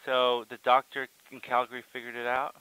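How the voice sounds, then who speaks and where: Bright-voiced male doctor host asking questions. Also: mid-range voice, completely flat delivery, brisk, smooth, dry recording, poor audio. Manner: brief probing questions, frequent backchannels. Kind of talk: interview questions.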